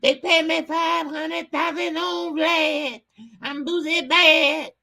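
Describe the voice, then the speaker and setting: A man putting on a boastful rapper's voice, pitched far above his own and squeaky. The words come out whiny and drawn out. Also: steady tone, slow, pushed and bright, heavily acted. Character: high-pitched male rapper impression, boastful.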